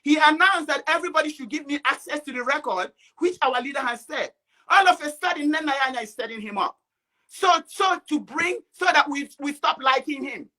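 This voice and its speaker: An upset woman caller giving an impassioned speech, agitated and often shouting out rapid questions. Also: high voice, animated.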